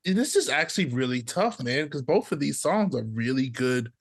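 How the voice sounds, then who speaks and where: A man on a podcast panel, relaxed and hesitant, with many fillers. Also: mid-range voice, moderate pace, creaky, no echo, clean studio sound. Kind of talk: casual podcast chat.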